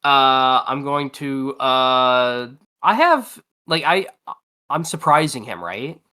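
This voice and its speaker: Hesitant player full of fillers, with a bright tone. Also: mid-range voice, slow, smooth. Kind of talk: tabletop game play.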